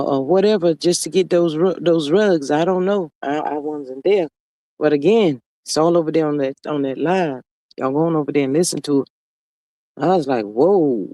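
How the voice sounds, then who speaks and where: A high-pitched man chats on a live stream, sassy and drawn-out, calling his viewers honey and child as he reads their comments. He talks into his phone, and the sound is close and dry, with no room echo. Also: a little mellow. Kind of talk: casual live-stream chat, reading comments aloud.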